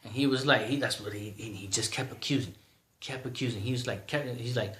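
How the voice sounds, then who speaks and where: A man's voice: mid-range voice, fairly quick, fairly bright tone, reverberant. A man in his thirties ranting in a vlog, heated and exasperated, repeating himself. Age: 30s. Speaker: vlogger.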